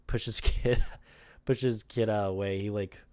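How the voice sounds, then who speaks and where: A man's voice: fairly low pitch, fairly even intonation, measured pace, darkish tone, clear, resonant tone, dry recording. A young man casually talking through his own storyboards, rambling, laughing often and swearing, with lots of "like" in his speech.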